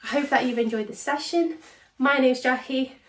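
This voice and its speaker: A woman's voice: high-pitched, moderate pace. A woman leading a cheerleading class indoors, energetically counting out the beats as she dances, recorded by a camera a few steps away in an echoey room. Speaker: cheerleading instructor. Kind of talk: fitness class instruction. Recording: echoey room, distant mic, faint noise.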